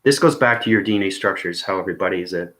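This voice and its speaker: A man with a lowish voice talks straight to his viewers in a long, rambling vlog monologue. He is intense and earnest, and he keeps tagging his sentences with "okay?" and "right?" to check that they are following. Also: very fast, a bit bright. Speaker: spiritual vlogger.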